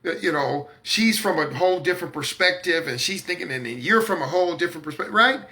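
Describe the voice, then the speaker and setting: A broadcast host preaches emphatically and confidently on a talk program, repeating words to hammer his points home. His voice is on the high side and sharp, with lively intonation and a quick pace.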